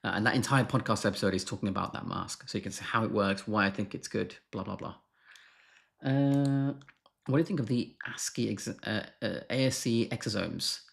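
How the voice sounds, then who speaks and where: A man's voice: lowish voice, a little fast, vocal fry. A man who is a doctor answering viewer questions on a live stream, frank and blunt, brushing off marketing claims.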